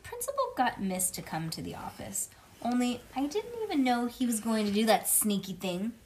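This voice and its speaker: A woman reading a children's book aloud in a lively way, breaking off now and then for playful asides. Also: fairly high pitch, moderate pace, slight background noise. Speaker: reader.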